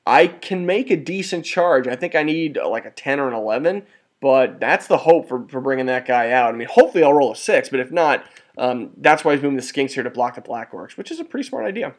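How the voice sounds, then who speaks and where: Excitable man recapping a tabletop battle. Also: mid-range voice, a little fast. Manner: rambling and excitable, often restarts and corrects himself; mild cursing and exclamations. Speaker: tabletop wargame battle report presenter. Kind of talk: casual play-by-play narration over photos.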